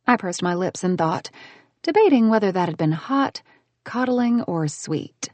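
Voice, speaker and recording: A woman narrating a first-person romance audiobook in a smooth, expressive way. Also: mid-range voice, measured pace, no echo.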